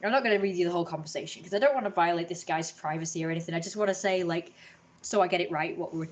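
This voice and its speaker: A woman's voice: lowish voice, very fast. An English woman from Britain ranting in a casual live stream from home, opinionated and indignant, swearing freely.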